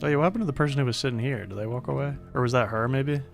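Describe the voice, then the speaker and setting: A man streaming a game, reacting with quick jokes, laughter and swearing. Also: medium pitch, vocal fry, faint music behind. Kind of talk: gameplay commentary.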